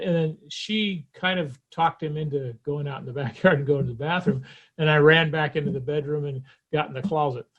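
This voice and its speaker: Higher-voiced male guest telling stories. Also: a little fast, a bit bright, highs cut off. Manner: reflective storyteller, chuckles at his own memories. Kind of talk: conversational interview.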